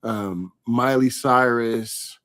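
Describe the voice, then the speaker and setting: Male host, chatty, mid-pitched, reads viewer comments aloud on a live interview. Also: very slow, a bit bright. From California.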